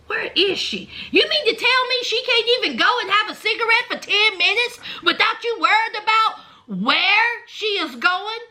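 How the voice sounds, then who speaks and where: A woman with a very high, bright voice gossips through a reality show recap at an unhurried pace. She is sassy and chatty, laughs often, and slips into voices for the people in the story.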